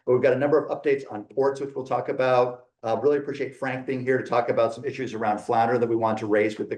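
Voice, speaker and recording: A man's voice: fairly low pitch, darkish tone. Man chairing a meeting in an echoey room. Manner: informal, joking, loose and friendly. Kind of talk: chairing a hybrid public meeting.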